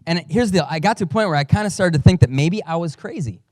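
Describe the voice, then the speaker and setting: Pastor, male, fairly high voice, dry close sound, casual sermon with self-deprecating humor. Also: animated, fast talker, a little mellow, dry recording. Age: adult father. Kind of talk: conversational sermon.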